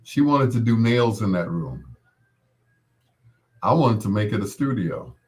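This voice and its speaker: A man hosting a casual chat, animated and laughing often, calling people affectionate pet names. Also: fairly low pitch, unhurried. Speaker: host.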